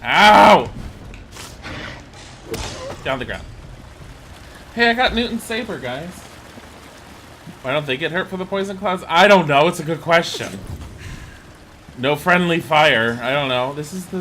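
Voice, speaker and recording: A man's voice: a little high, animated, moderate pace, long pauses, sharp tone, slight background noise. A man chatting sarcastically through a video game, talking to his chat as he plays. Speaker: streamer. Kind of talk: casual gameplay commentary. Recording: game music behind voice.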